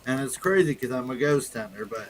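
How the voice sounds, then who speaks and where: A man, a ghost hunter, co-hosting a casual chat. He talks haltingly and often starts his sentences over. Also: mid-range voice, animated, low-quality recording.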